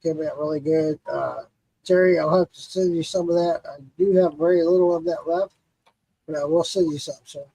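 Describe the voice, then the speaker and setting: A man's voice: fairly high pitch, steady tone, moderate pace, gravelly, warm tone, slightly rough, no room sound, poor audio. A man hosting a casual livestream chat, laid-back and joking, cursing freely. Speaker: livestream host.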